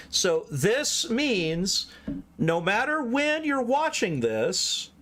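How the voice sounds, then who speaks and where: A man's voice: high voice, fairly bright tone. A man from the American South giving casual, chatty commentary on his own gameplay and talking straight to his viewers. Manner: chatty, talks straight to chat. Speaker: streamer.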